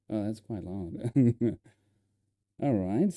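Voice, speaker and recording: A man's voice: mid-range voice, slow pace, warm tone, dry recording, clean studio sound. A man with a South African accent, chatting casually on a live stream, hesitant with many ums and repeated words.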